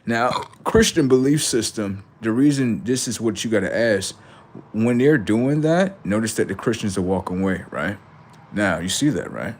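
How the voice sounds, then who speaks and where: A man rants at his livestream audience in a brash, confrontational way, swearing freely and tagging sentences with "right?". His voice sits a little on the low side. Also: moderate pace, a little mellow. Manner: lectures viewers and reacts to chat. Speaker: livestream host. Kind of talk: profane livestream rant.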